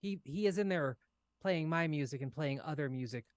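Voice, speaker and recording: Man playing a winged bard woman, captive, weary, hesitant, slightly high voice. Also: no room sound, studio quality, natural voice. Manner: hesitant, halting speech.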